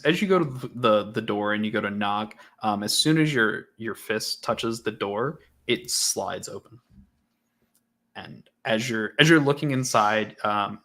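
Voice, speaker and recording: A man's voice: on the low side, fairly bright tone. A man narrating a tabletop game as game master, casual, with many fillers and restarts.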